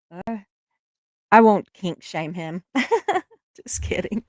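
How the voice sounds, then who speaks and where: A middle-aged woman with a Southern US accent, hosting a casual livestream chat. She talks warmly to her viewers and laughs often. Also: mid-range voice, expressive, dry recording, studio quality. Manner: chatty, laughs often, drawn-out words. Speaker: livestream host.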